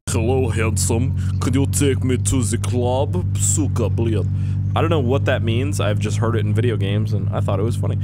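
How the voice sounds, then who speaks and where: A man's voice: mid-range voice, very noisy. A young man from Canada giving joking, self-mocking commentary while playing a game. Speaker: gaming YouTuber. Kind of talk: let's play commentary.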